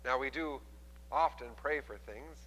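A man preaching a sermon as a pastor, telling the story with animated delivery and acting out the quoted voices. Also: mid-range voice, measured pace, big-room sound, rough recording.

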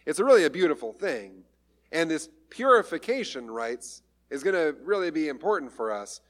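Chatty preacher, a man with a slightly high voice. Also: very animated, moderate pace. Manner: conversational storytelling with light humor. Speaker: pastor. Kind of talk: sermon.

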